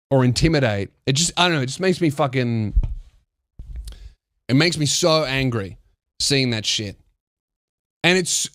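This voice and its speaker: A man with a fairly high voice tells a comedic story on his podcast. He swears freely, gets heated and often restarts his sentences. The sound is dry and close, with no room echo. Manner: profane, heated, with frequent restarts. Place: podcast studio.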